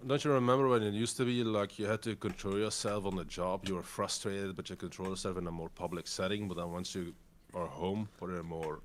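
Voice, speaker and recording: A man's voice: low voice, a little hiss or hum. A man from Europe talking as a guest in a casual chat, blunt and wry.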